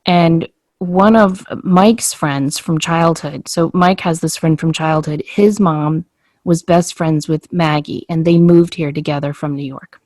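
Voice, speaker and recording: Her voice is deep and unhurried as she recounts something from her own life in an easygoing podcast conversation. She's a lively storyteller who acts out what people said, captured in studio quality with no echo.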